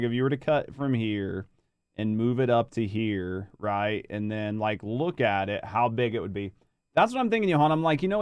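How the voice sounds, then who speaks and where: A man's voice: mid-range voice, clear, resonant tone, dry recording. A man doing rambling, casual reaction commentary, swearing freely and chatting with his viewers. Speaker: reaction streamer.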